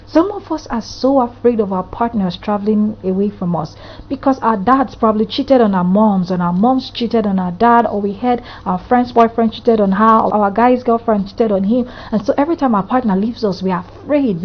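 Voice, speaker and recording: A husky woman therapist from Africa talks earnestly through a podcast monologue, stacking rhetorical questions one after another. Her pitch sits in the middle, and the audio sounds dull and lo-fi.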